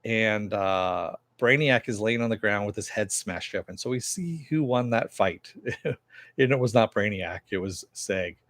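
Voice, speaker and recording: A man's voice: lowish voice, dry recording. A man reviewing a TV episode in a casual recap, rambling with lots of fillers and some swearing.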